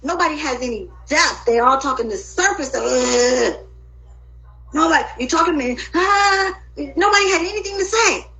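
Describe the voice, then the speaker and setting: High, lively, bright-voiced woman ranting. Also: moderate pace, slight background noise, poor audio. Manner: agitated, profane and rambling, with sudden loud outbursts. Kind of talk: emotional personal monologue.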